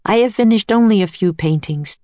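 A woman voicing a heartbroken older male inventor, speaking quietly and wearily in a storybook reading. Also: fairly quick, no echo, close to an everyday voice. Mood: sorrowful. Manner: quiet, weary and low.

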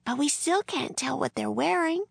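A woman's voice: high-pitched, lively intonation, normal speed, gravelly, no echo, clean studio sound, pitched above the performer's own voice, full character voice. A woman voicing an eager, bold young girl in a storybook reading.

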